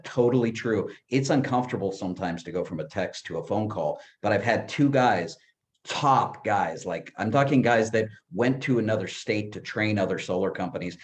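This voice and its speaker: A man's voice: lowish voice, brisk. A man on a sales team call, eagerly sharing advice and retelling what a recruit told him. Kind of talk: enthusiastic team call remarks.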